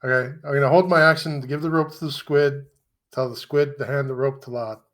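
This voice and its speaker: A man's voice: medium pitch, steady tone, a little fast, a bit bright. A man playing a tabletop game, unsure of himself and working out his move aloud. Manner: unsure, thinks aloud and restarts. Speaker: player.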